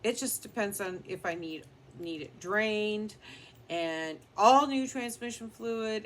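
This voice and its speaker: Slow, chatty woman beauty vlogger. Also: medium pitch, a bit bright, slight background noise. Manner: chatty, rambling, down-to-earth. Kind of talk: casual chat while doing makeup.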